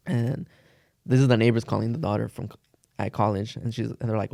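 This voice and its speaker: Young man, podcast co-host, rambling storyteller, slangy, gravelly, dry. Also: medium pitch, fairly even intonation, fairly quick, a little mellow, dry recording. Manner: rambling, heavy "like" fillers, cursing slang. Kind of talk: casual storytelling chat.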